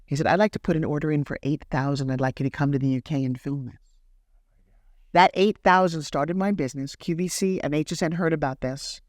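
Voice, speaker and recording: A woman guest in an interview, telling a story with animated energy and acting out the other people's lines in lively voices. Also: deep voice, brisk, no room sound, clean studio sound. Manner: acts out quoted dialogue in lively voices. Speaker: guest entrepreneur.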